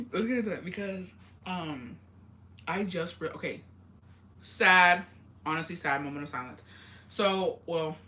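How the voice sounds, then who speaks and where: A woman's voice: fairly low pitch, big pitch swings, slow pace, long pauses, pushed and bright. A young woman chatting casually on her vlog, telling family stories with lots of swearing and laughter. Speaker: vlogger. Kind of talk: casual storytelling chat.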